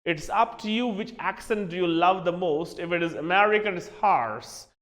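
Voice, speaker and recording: A man with a high, bright-sounding voice gives a classroom lesson. He is emphatic and spells words out letter by letter. A long reverb hangs on his voice, as if he is in a hard-walled room. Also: a little fast. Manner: switches into Hindi asides. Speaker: English teacher.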